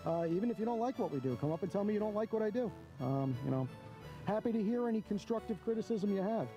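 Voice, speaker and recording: A man's voice: sits high, expressive, quick pace, warm tone, faint music behind. A man doing blunt, mocking running commentary to his camera outdoors. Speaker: camera auditor filming police. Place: outdoors, near a parking lot.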